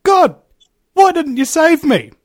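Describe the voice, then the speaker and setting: A man voicing a stubborn stranded man in a joke, insisting and pleading in a high, strained voice. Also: a little fast, dry recording, studio quality, natural voice. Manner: insistent, rising to a squeal.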